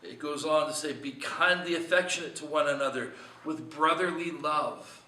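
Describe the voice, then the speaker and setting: A man's voice: a little high, moderate pace, bright, forceful tone, reverberant, distant mic, slight background noise, poor audio. A man preaching a short devotional sermon in an earnest, conversational way, asking his listeners many questions. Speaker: pastor.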